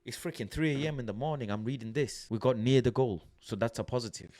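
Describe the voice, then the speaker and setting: A man's voice: medium pitch, fast talker, darkish tone. A young man ranting bluntly about his football club in casual slang, swearing and exasperated as he reads out quotes. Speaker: football fan vlogger. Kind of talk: casual rant reading out quotes. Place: home at night.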